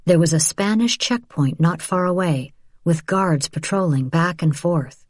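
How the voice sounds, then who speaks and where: A woman reading a novel aloud as an audiobook narrator, in even, measured storytelling. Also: on the low side, no echo, studio quality. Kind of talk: scripted narration.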